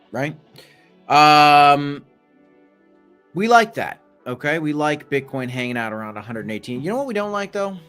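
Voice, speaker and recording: A man's voice: mid-range voice, fairly bright tone. A man hosting a casual live stream of market commentary, chatty with playful asides and bursts of hype. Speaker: crypto live stream host.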